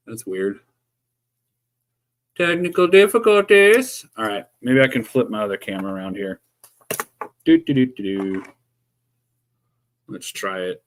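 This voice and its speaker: A man with a slightly low voice talks loosely to his stream viewers. He mutters, hums and drops dry, sarcastic jokes while fiddling with a camera and microphone. The talk is unscripted and easygoing. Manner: dry sarcastic asides while fumbling with gear. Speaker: streamer setting up a live stream. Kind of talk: casual live-stream chat. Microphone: desk microphone he keeps adjusting.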